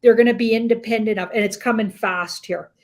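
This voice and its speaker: A woman's voice: fairly high pitch, steady tone, a little fast. A woman doing a casual tarot reading on a live show, rambling and hedging with "like". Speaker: tarot reader.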